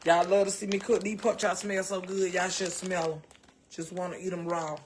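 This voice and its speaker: A woman's voice: fairly low pitch, level tone, moderate pace, slight background noise. A Southern American woman hosting a casual cooking livestream, chatting folksily with her viewers and calling them baby and child.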